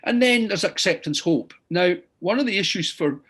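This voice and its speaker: A man's voice: sits high, expressive, normal speed, fairly bright tone, husky. A middle-aged man, a consultant surgeon, lecturing and retelling patient stories earnestly, often repeating "I said". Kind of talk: lecture with clinical anecdotes.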